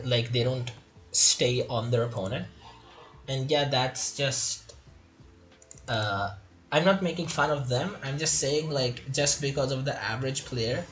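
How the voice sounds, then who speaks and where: A man's voice: mid-range voice, a bit bright. A man giving casual, chatty gameplay commentary while playing through a game tutorial and reading its tips aloud.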